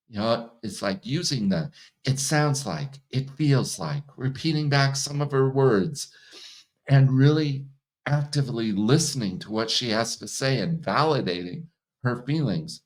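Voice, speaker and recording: A man speaking in an unhurried, casual way about relationships. He laughs often and acts out what people say. His voice sits at an ordinary pitch. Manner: relaxed, laughs often, acts out quoted partners. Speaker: hypnotherapist and coach. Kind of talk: casual conversational interview.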